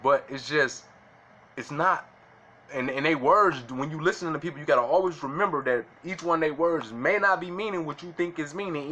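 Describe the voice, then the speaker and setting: Casual vlogger, man, slangy and bright, faint noise behind. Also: on the high side. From Illinois. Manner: slangy, keeps asking "you know what I'm saying". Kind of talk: casual monologue to camera.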